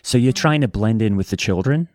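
Soft deep-voiced man, deadpan. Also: a little fast, no echo, studio quality. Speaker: co-host. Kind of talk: improvised comedy interview.

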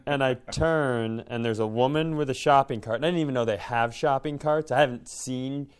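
A man's voice: medium pitch, moderate pace, smooth. A man co-hosting a podcast, telling a long anecdote in casual chat and slipping into quoted voices. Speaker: comedian podcast co-host.

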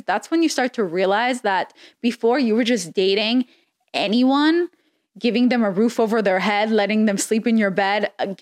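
A woman hosting a casual advice podcast, answering listener questions from her bed in a blunt, frank way with frequent giggles. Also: mid-range voice. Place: sitting in bed indoors.

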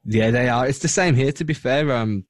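A young man chatting easily with the hosts, quick to laugh. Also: medium pitch, no room sound. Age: young adult. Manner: easygoing, laughs often. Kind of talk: casual chat.

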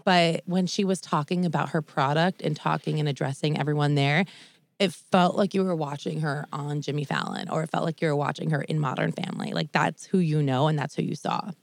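Young woman podcast cohost, kinda low voice, gushes about stuff, dry sound. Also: steady tone, a little fast, gravelly, no room sound. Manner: gushing, enthusiastic. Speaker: podcast co-host. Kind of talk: casual chat.

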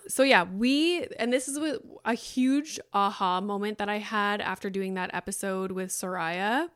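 A woman's voice: mid-range voice, normal speed, few pauses, fairly bright tone, clean tone, no room sound, studio quality. A woman in her thirties hosting a casual solo podcast, talking candidly and profanely, now and then slipping into mocking quoted voices. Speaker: podcast host.

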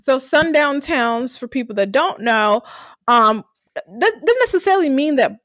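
A woman's voice: high voice, lively intonation, moderate pace, fairly bright tone, no echo, studio quality. A young woman from Delaware, co-hosting a podcast and animatedly retelling scenes from a TV series, laughing often. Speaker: podcast co-host recapping a TV series. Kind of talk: casual chat.

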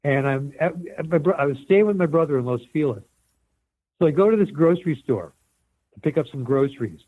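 An older man, a set medic and former film extra, telling rambling, animated stories in a casual interview. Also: on the high side, brisk, no room sound. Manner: rambling animated storyteller with many restarts. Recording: tinny phone-like line.

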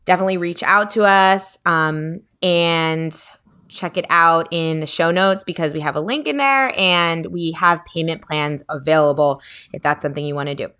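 A woman's voice: low voice, moderate pace, a bit bright, clean tone. A woman hosting a podcast in casual, rambling chat with a Southern accent. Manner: chatty, rambling with fillers. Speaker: podcast host.

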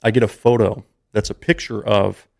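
A man's voice: fairly low pitch, fairly even intonation, normal speed, vocal fry, darkish tone. A man in his thirties, a podcast guest, telling a personal story in an earnest, emotional, conversational way.

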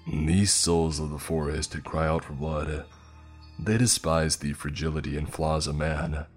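A man's voice: extremely low pitch, expressive, normal speed, darkish tone, soft background music. A man voicing an eyeless male forest creature who questions with sarcastic, mock concern. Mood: menacing.

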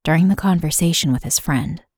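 Female podcast host for scripted true crime, matter-of-fact delivery, low and breathy. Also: brisk, no echo, clean studio sound. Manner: steady, matter-of-fact reading.

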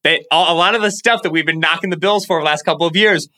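A man co-hosting a sports podcast, talking fast and animated, breaking into theatrical mock-biblical rants. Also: a little high. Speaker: podcast co-host.

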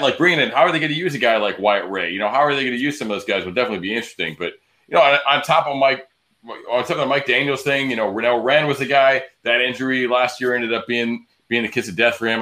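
Male podcast host, bright tense tone, rambling delivery, casual sports chat. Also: medium pitch, fast. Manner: loose and rambling, many restarts.

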